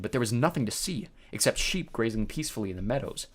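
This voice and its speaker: A man narrating a first-person audiobook with expressive storytelling. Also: mid-range voice, fast, hardly any pauses.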